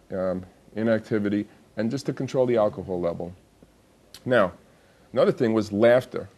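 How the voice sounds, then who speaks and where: A man's voice: lowish voice, dark tone. A man hosting a TV health show, talking casually and chatting to viewers. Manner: chatty, laughs through his own joke. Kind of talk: casual TV talk.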